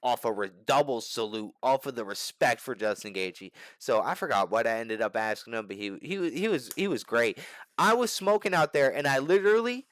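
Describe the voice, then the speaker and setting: A man's voice: mid-range voice, expressive, moderate pace, fairly bright tone, no echo. A young man telling a story to the camera in a casual, slangy and profane way, restarting his sentences often. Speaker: channel host.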